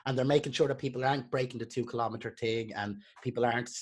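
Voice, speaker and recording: A man's voice: medium pitch, steady tone, fast. An Irish man hosting a podcast, speaking his mind bluntly and swearing freely. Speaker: podcast host. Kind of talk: casual chat.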